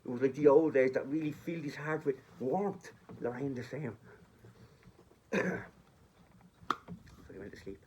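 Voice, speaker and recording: A man's voice: mid-range voice, a little slow, pauses often, dark tone, slight background noise. A man telling a story in a chatty, rambling way, speaking directly to his listeners on a phone recording. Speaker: vlogger. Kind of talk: casual storytelling.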